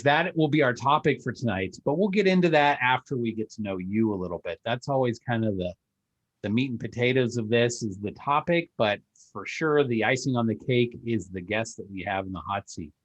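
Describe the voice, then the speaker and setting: A man hosts a podcast and talks in a loose, rambling way, filling his sentences with "uh" and "um". His voice sits at an ordinary middle pitch. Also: animated, moderate pace, highs cut off. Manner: rambling, filler-heavy. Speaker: podcast host. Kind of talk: casual interview chat.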